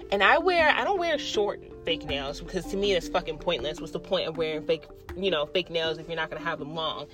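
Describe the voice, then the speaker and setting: A woman's voice: mid-range voice, bright, forceful tone. A young woman, a teacher, telling stories in a casual vlog, swearing freely and acting out other people's voices.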